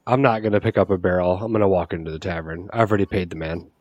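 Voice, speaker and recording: A man playing a tabletop game, blunt and deadpan, with a lot of swearing. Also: low-pitched, fast talker, no room sound, lo-fi sound. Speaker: player. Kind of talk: casual tabletop game play.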